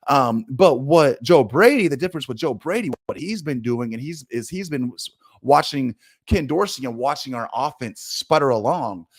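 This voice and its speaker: A man's voice: mid-range voice, lively intonation, moderate pace, dry recording. A man giving emphatic, opinionated sports commentary straight to his audience, talking bluntly and with plenty of energy.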